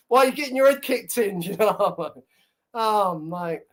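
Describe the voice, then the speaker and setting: A man's voice: sits high, expressive, normal speed, a bit bright. Male streamer, casual and sweary, rambling, laughs often. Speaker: livestream host. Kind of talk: casual live-stream chat.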